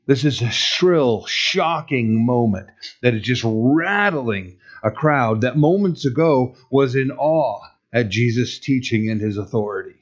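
Male pastor, slow deliberate sermon delivery, emphatic and conversational, dull lo-fi recording. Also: mid-range voice, expressive. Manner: conversational, emphatic, rhetorical questions to the congregation.

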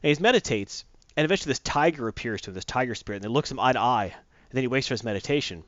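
Man, casual podcast chat, animated storyteller, dry sound, slightly muffled recording. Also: mid-range voice, very fast, no room sound. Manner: animated, acts out characters' lines.

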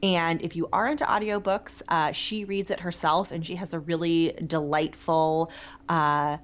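Chatty podcast co-host, woman, lower voice, lo-fi recording. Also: fairly even intonation, normal speed. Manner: chatty, enthusiastic, many fillers. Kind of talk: casual chat. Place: New York. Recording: dull lo-fi sound.

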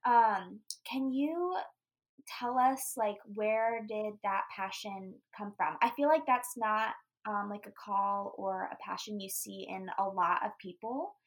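A woman's voice: mid-range voice, slow, low-quality recording. A young woman hosting a podcast, gushing and bubbly in casual interview chat, with lots of fillers. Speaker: podcast host.

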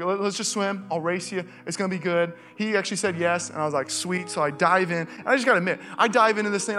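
This sermon comes from a pastor on a church stage, a man with a high voice and a Californian accent. He tells a story from his own life loosely and energetically, working up to pressing calls to action.

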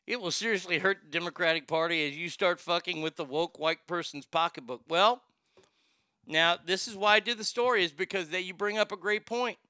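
A man hosting a casual livestream, reading chat comments aloud and going off on blunt, opinionated tangents. His voice sits a little high and very bright, crisp and clear. The sound is dry and close. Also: brisk, no echo. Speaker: show host.

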